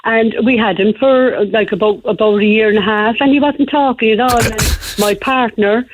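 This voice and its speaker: A woman's voice: a little high, normal speed, no room sound. A woman, calling in to a radio show and telling a rambling, chatty story. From Ireland. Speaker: caller. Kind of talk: phone-in radio chat. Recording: muffled phone-in line.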